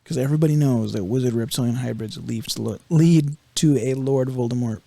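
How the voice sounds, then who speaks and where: A man's voice: medium pitch, brisk, vocal fry, dark tone, no echo. A man co-hosting a casual podcast, joking around, teasing his co-host and swearing freely. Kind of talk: casual chat.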